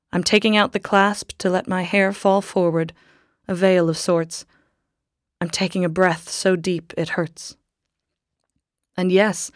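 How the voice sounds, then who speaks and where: Female audiobook narrator, lower register, measured and reflective first-person read, dry studio sound. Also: no echo.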